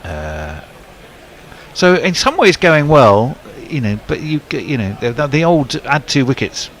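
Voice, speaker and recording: A man's voice: medium pitch, very animated, measured pace, a bit bright. A man, a cricket commentator chatting casually and joking with a chuckle.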